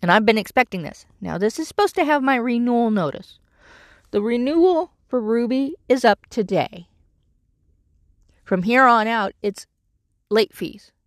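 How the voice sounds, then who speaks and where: A woman's voice: on the high side, expressive, normal speed, long pauses, no echo, studio quality. Exasperated middle-aged woman rambling on. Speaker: vlogger living in her vehicle. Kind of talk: casual chat.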